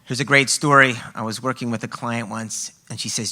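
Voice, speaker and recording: A man's voice: medium pitch, fairly even intonation, fairly quick, hardly any pauses, pushed and bright. A man presenting a parenting workshop to a live audience, speaking emphatically and often checking in with "okay?" and "right?".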